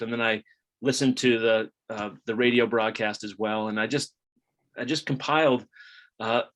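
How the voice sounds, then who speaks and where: A man's voice: mid-range voice, fairly bright tone. A middle-aged man telling baseball memories in a chatty, casual way on a video call, with frequent restarts. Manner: conversational, chatty, many restarts. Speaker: author giving a talk. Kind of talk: casual storytelling talk. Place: home, indoors.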